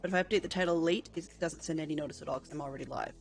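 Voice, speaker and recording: A man's voice: on the high side, very fast, gravelly, soft background music. A man streaming a video game live, chatting casually and thinking aloud with lots of ums and dry, self-mocking humor. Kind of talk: casual gameplay commentary.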